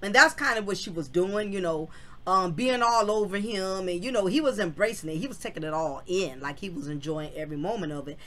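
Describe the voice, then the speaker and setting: A woman hosting her channel, telling a personal story in a frank, slangy, animated way. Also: medium pitch, brisk. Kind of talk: casual storytelling vlog.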